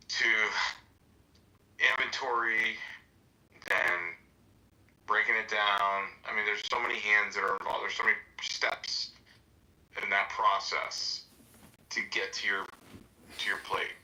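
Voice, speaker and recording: A man's voice: on the low side, little pitch movement, measured pace, pauses often, pushed and bright. A man chatting casually on a podcast, rambling through an anecdote and acting out both sides of the conversation. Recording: echoey room with faint noise.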